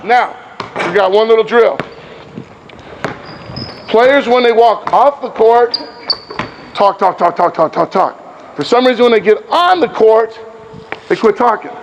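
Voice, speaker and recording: Man, basketball coach, high pitch, short shouted commands, teaching asides, dull recording, faint noise, indoor court. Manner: calls out short, repeated drill commands; explains points to watching coaches between drills. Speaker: basketball coach running a clinic.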